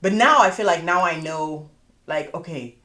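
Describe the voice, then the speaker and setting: A woman hosting a podcast, telling a personal story in casual chat, animated and quick to swear. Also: deep voice, reverberant. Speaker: podcast host.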